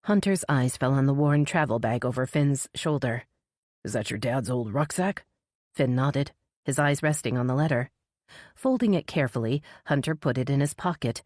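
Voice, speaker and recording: Woman narrator, very low voice, measured, dry close sound. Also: darkish tone, dry recording. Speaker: audiobook narrator. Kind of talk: scripted narration.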